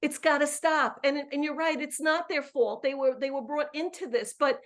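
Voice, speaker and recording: Speaking at a moderate pace with fairly even intonation, this high-pitched woman in her fifties phones in to a live show in her role as a coach. Her live chat is effusive and emphatic, with frequent repeated words.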